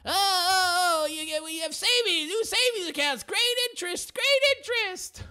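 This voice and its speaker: A man voicing a goofy, overeager man twirling a bank sign and pitching savings accounts. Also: moderate pace, bright, forceful tone, exaggerated voice. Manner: hyper, sing-song sales pitch.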